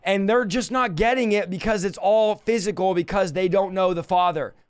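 A man teaching an informal Bible study, reading verses slowly and then explaining them with emphatic, rising emphasis. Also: clean tone, no room sound. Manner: emphatic, rises in pitch when stressing points, reads scripture slowly.

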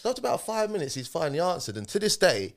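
A man's voice: a little high, rapid-fire, gravelly. A man, a podcast guest telling a personal story in conversation, animatedly acting out what people said. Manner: animated retelling, acting out quoted speech.

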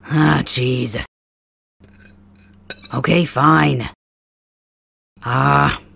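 Man as a blunt, grumbling young male cat hybrid for an ASMR role-play; slow delivery, husky, dry and close. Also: mid-range voice, steady tone, sharp tone, dry recording, full character voice. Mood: gruff teasing.

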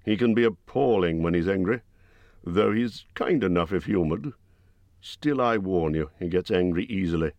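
A man's voice: deep voice, moderate pace, darkish tone, dry recording, lo-fi sound. A man voicing an old male wizard who is stern, testy and lecturing.

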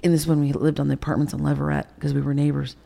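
A middle-aged woman being interviewed, recounting painful personal memories in a candid, emotional and halting way. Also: deep voice, level tone, gravelly, warm tone. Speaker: interview guest.

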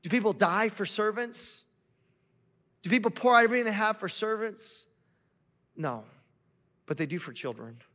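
A man's voice: high-pitched, expressive, normal speed, long pauses, bright, forceful tone. A male pastor preaching a sermon in a conversational way, asking the congregation rhetorical questions.

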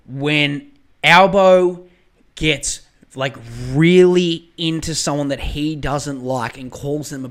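A man, hosting a podcast and ranting casually about politics in a lively, profane, mocking way. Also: on the high side. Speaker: podcast host.

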